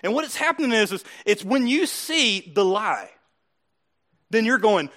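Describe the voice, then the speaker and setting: A man's voice: high-pitched, sing-song, measured pace, a bit bright. A male pastor preaching a sermon in a conversational, teasing way, often chuckling as he talks to the congregation.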